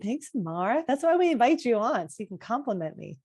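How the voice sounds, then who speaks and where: A chatty woman co-host with a lively, bouncing voice that sits a little high, greeting viewers and laughing often. She is recorded dry and close, with no room sound. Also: a little fast, breathy edge, dry recording. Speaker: podcast co-host and anxiety coach. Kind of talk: casual live-stream chat.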